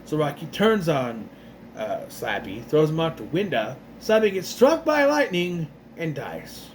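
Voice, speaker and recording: Rambling man with a lively voice. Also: a little high, a little hiss or hum. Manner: rambling, restarts a lot, acts out lines in quick voices. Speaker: youtuber recapping an episode. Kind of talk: casual spoken recap.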